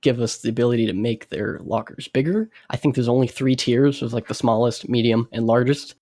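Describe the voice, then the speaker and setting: A man co-hosting a casual gaming podcast, relaxed and chuckling between points. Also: medium pitch, brisk, dry recording, studio quality. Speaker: podcast co-host.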